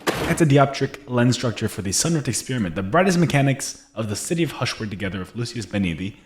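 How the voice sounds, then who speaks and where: A man's voice: mid-range voice, animated, quick pace. A man giving casual, chatty commentary while playing a game, reading in-game notes aloud and often laughing. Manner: chatty, reads in-game texts aloud, frequent laughs and restarts. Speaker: gameplay streamer.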